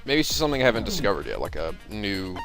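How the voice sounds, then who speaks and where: A man's voice: on the low side, big pitch swings, racing, over music. A man hosting a video game let's play, reading the game's text with dramatic flair and commenting casually, swearing and laughing.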